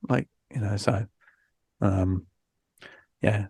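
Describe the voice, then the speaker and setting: Male podcast host; gravelly, dry close sound; frank, rambling, tired. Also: on the low side, fairly even intonation, measured pace, a little mellow, no echo. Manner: frank, rambling, many fillers and restarts. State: recovering from illness, low energy. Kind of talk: casual podcast chat.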